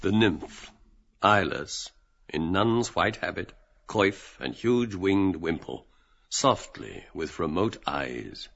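A man narrating the stage directions of a radio play in a measured, precise reading. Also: low voice, animated, vocal fry, a bit bright, no room sound, lo-fi sound.

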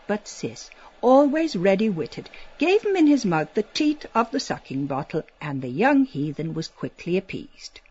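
Breathy woman reading a novel aloud. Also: on the high side, no room sound, dull audio. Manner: expressive, lilting storytelling with soft hushed passages. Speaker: audiobook narrator. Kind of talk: literary audiobook reading.

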